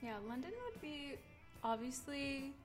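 Young woman, podcast co-host, playful, laughs a lot, higher voice. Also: steady tone, unhurried, over music. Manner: laughs often, questioning, playful. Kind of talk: casual chat between friends.

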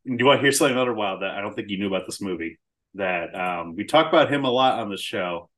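A man's voice: on the low side, animated, fast talker, a bit bright. A man co-hosting a podcast, chatting casually about a film, swearing freely and laughing often. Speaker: podcast co-host.

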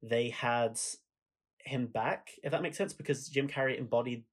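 A man's voice: mid-range voice, normal speed. Man, podcast co-host, casual film chat, enthusiastic, laughs while retelling scenes.

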